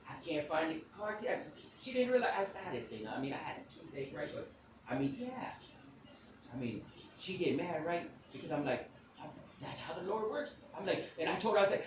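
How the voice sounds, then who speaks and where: A man with a high, lively voice spins a rambling personal story, loudly acting out each exchange and laughing as he goes. He sits well back from the mic in a very echoey space with faint room ambience. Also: quick pace, far from the mic, slight background noise. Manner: animated, loud, acts out quotes and laughs often. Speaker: self-described psychic medium telling a story.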